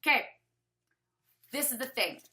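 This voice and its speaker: A woman's voice: high-pitched, lively intonation, unhurried, bright, forceful tone. A Canadian woman hosting a casual online sales training over webcam, chatty and upbeat, reading names from the chat as she talks.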